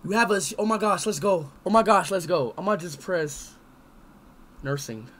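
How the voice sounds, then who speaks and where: A young man streaming a game live, talking to himself and his chat, swinging between loud yelling and quiet muttering. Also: high voice, normal speed, a little hiss or hum. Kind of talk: live gameplay commentary. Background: loud music.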